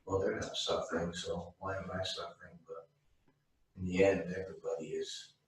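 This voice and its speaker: A man's voice: sits low, flat delivery, normal speed. A man in a class, hesitantly sharing his thoughts in casual discussion. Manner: hesitant, searching for words. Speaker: student in a class. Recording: echoey room, far from mic.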